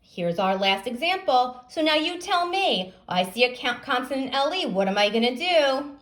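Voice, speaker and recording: A woman teacher giving a phonics lesson, sounding out words slowly and asking young pupils questions. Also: high-pitched, sing-song, a bit bright.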